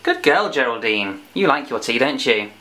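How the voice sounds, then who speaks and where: Low-voiced, lively woman teacher. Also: moderate pace, very noisy. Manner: chatty, teasing teacher talking to a puppet. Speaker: children's phonics presenter. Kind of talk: playful children's phonics lesson.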